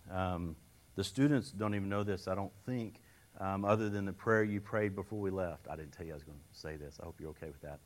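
A man's voice: low voice, fairly quick. A man preaching a sermon, telling folksy personal stories with an earnest manner and frequent restarts. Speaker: lay preacher.

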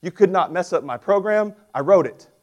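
A pastor in his forties preaches a sermon to his church. He tells stories in an animated, emphatic way, and his voice sits somewhat high for a man. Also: normal speed.

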